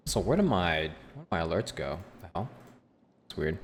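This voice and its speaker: A man's voice: on the low side, moderate pace, big-room sound. Rambling young male game streamer. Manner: relaxed, rambling, lots of fillers. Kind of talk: casual game stream chat. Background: game music.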